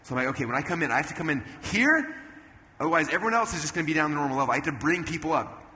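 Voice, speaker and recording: A man in his thirties giving an energetic stage talk at a business event, telling animated stories and jumping into loud character voices. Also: on the high side, racing. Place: event stage in a large hall. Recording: long hall reverb, faint room noise.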